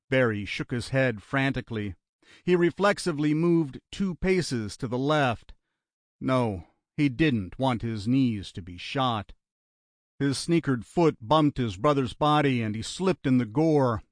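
Slow, dry-voiced male audiobook narrator. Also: medium pitch, animated, no echo. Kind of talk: scripted narration of a thriller.

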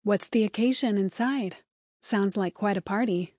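A woman gives voice to a friendly young heroine for an audiobook, polite and upbeat with a determined air. Her voice sits at a middle pitch, recorded dry and close. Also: moderate pace, darkish tone, no echo, natural voice.

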